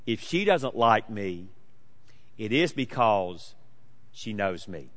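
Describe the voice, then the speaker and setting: A man in his late forties preaching a sermon, emphatic and swinging between loud declarations and hushed asides. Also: fairly low pitch, big pitch swings, slow pace, long reverb tail. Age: 40s. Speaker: pastor.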